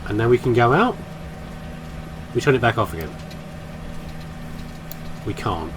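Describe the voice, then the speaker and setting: A man's voice: mid-range voice, lively intonation, measured pace, background noise. A man commentating his horror game playthrough in a playful, musing, self-mocking way. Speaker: gaming commentator. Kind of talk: let's play commentary.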